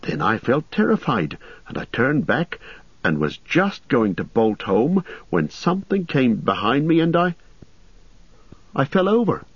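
A man's voice: mid-range voice, huge pitch swings, unhurried, slightly rough, no room sound, voice pushed up, full character voice. A man voicing a shaken, out-of-breath young male hobbit in an audiobook, telling his tale urgently. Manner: urgent, tumbling storytelling. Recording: slightly muffled recording.

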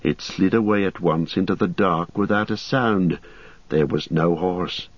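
A man's voice: sits low, a little slow, no room sound. A man voicing a shaken, out-of-breath young male hobbit in an audiobook, telling his tale urgently. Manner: urgent, tumbling storytelling. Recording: slightly muffled recording.

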